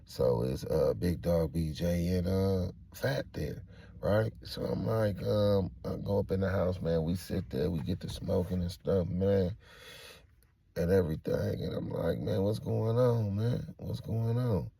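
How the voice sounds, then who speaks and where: A man's voice: a little slow, vocal fry, breathy edge. A man casually telling a true-crime story from his own life, in loose slang full of fillers and asides, and acting out the people he quotes. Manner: acts out quoted people, jumping much higher when excited.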